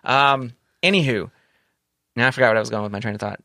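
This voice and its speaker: A man's voice: medium pitch, fast talker, creaky, bright, forceful tone. A man co-hosting a podcast in casual chat, rambling and correcting himself, candid and swearing now and then. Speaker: podcast co-host.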